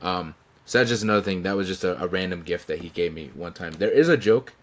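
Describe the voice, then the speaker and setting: A man's voice: deep voice, fast talker. A man casually telling stories to camera from his room, rambling with restarts and chuckles. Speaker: channel host telling stories. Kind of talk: casual storytelling tribute.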